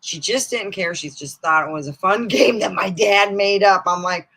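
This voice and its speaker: A woman host telling funny family stories on a live stream, animated, often laughing and jumping into high excited squeals. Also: measured pace, hardly any pauses, low-quality recording. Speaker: comedic storyteller hosting a live stream. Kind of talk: casual stand-up style family storytelling. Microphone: streaming mic.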